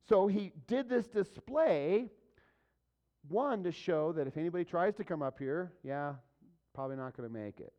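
A man's voice: fairly high pitch, lively intonation, normal speed, dark tone. A man preaching a sermon as a pastor, talking conversationally and asking the congregation rhetorical questions. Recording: dull lo-fi recording.

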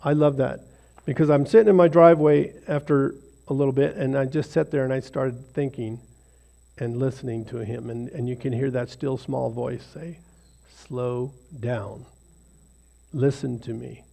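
A man's voice: mid-range voice, steady tone, normal speed, creaky, dark tone. A man leading an informal devotional talk for a small group in a rambling, self-deprecating, conversational way. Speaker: lay speaker leading a devotional.

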